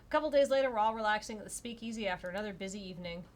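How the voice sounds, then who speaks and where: A woman's voice: mid-range voice, racing. A woman narrating and playing a tabletop role-play, chatty and self-deprecating. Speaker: player and narrator.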